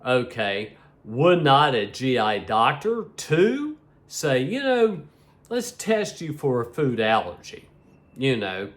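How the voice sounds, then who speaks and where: Man, middle-aged, vlogging, rambling and repetitive, sleepy, slow. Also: medium pitch, big pitch swings, fairly bright tone. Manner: rambling, repeats "like I said". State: sleepy, yawning. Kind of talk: casual vlog talk to viewers.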